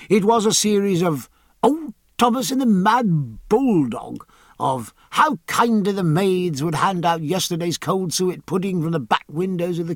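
A man narrating a historical novel in a measured storytelling manner. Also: medium pitch, slightly rough, no echo, clean studio sound. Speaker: audiobook narrator. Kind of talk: scripted narration.

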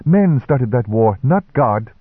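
A man voicing a stiff, reproving male reverend who talks in a sharp, sermonizing way. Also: mid-range voice, sing-song, slow pace, slightly rough, no room sound, voice pushed up, heavily acted. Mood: stern. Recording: dry, tinny narrow-band recording.

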